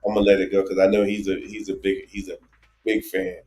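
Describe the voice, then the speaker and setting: A man with a New Jersey accent co-hosting a casual travel live stream, rambling and animated with lots of restarts. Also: deep voice, fast talker, reverberant, faint music behind. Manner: animated, rambling, many restarts and "you know". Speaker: travel show co-host.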